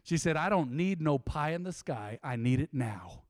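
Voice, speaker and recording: Animated man preaching a sermon. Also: a little high, moderate pace, no echo, studio quality. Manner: animated, preaching with sudden loud swells and quiet drops. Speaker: pastor. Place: church.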